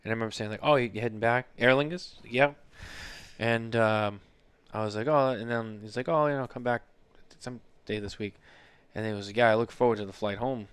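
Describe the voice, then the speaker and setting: A man's voice: on the low side, steady tone, brisk, clean tone, dry recording. A man in his thirties hosting a casual podcast, telling rambling stories and swearing freely. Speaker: podcast host. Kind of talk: casual chat.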